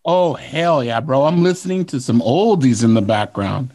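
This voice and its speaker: A man co-hosting a podcast, excitable and self-mocking, swearing constantly in casual banter. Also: mid-range voice, moderate pace, no echo, clean studio sound. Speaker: podcast co-host.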